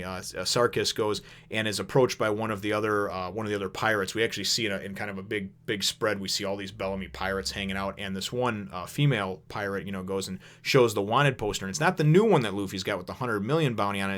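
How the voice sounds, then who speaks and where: A man's voice: fairly low pitch, a bit bright. A man reviewing a comic chapter in a casual, rambling way, full of fillers and offhand swearing. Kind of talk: casual recap and commentary.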